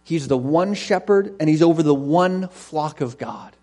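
A man preaching a sermon, reading scripture and speaking emphatically, swinging between quiet and loud. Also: fairly high pitch, moderate pace, hardly any pauses. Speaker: pastor.

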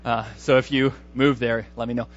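A man's voice: mid-range voice, flat delivery, normal speed, muffled recording. A man preaching a sermon as a pastor, talking through a Bible passage in a conversational way, often restarting mid-phrase. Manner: conversational, thinking aloud with many restarts.

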